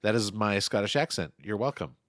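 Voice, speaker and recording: A man's voice: fairly low pitch, expressive, brisk, a bit bright, dry recording, studio quality. A man hosting a casual podcast, moving the talk along and giving his opinions. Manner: chatty, runs the segments. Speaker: podcast host. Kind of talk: casual chat.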